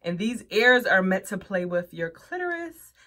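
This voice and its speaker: A young woman vlogger reviews adult toys, chatting frankly to camera and calling her viewers "y'all." Her medium-pitched voice is pushed and bright, with big pitch swings, at a normal speed.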